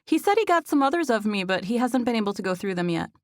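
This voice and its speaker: A woman voicing an excitable, teasing young woman friend in an audiobook, higher and more gushing than her narration. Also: quick pace, no echo, studio quality. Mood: excited. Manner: high, eager and gushing.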